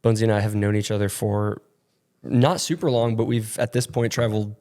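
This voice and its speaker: A man's voice: fairly low pitch, little pitch movement, fairly quick, dark tone. Nasally young man chatting on a podcast. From upstate New York. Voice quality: nasally, congested from allergies. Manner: rambling, laughing, filler-heavy. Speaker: podcast co-host. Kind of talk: casual chat. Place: rented studio.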